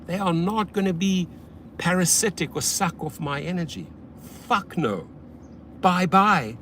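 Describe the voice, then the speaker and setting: A man with a fairly high voice talks casually on a livestream from his car, blunt and profane. He shifts from loud, pumped-up hype to low, half-muttered asides. A faint hum of noise sits behind him. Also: lively intonation, measured pace. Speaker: rideshare driver livestream host.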